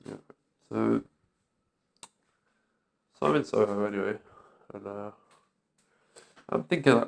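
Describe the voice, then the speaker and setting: A man with a gravelly, creaky voice talking in a bitter, agitated vlog rant. He swears freely and sounds worn out and fed up. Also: medium pitch, measured pace, pauses often. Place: London street.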